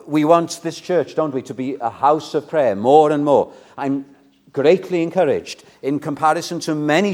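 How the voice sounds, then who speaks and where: Guy preaching in church, pleading and earnest, goes loud then soft, very animated pitch. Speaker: pastor. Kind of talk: sermon.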